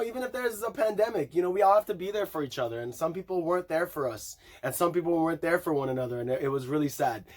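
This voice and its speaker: A man chatting casually through an album review, rambling and profane, often laughing and singing along to lyrics. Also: fairly high pitch. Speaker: music reviewer.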